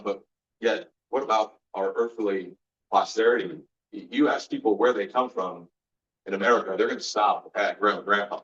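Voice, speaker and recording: Recorded in a roomy, distant and dull-sounding space, a man with a fairly low, slightly bright voice gives an earnest faith-based motivational talk as a guest speaker. He shares personal stories, acting out the conversations within them.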